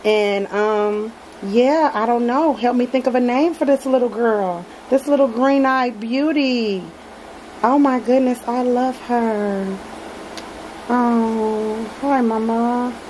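A woman's voice: on the high side, slow, a little mellow, slight background noise, poor audio. A woman chatting casually to her viewers in a home nursery as she unboxes a doll, gushing and affectionate and often calling them y'all. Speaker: reborn doll collector vlogger.

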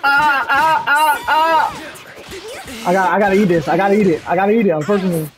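A young woman loudly commentating her own gameplay, cursing and yelling at her opponents. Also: on the low side, very fast. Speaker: gaming streamer. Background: game music.

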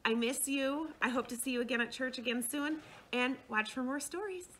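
A young woman who leads children's faith classes, gently telling a Bible story to children and often checking in with them. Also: sits high, normal speed, slight background noise. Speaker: children's faith formation director.

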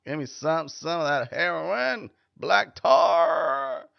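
A man's voice: fairly high pitch, slow pace, creaky, dry recording. Foul-mouthed male host, loose rambling monologue, dry and dull lo-fi sound. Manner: profane, blunt, joking. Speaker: podcast host.

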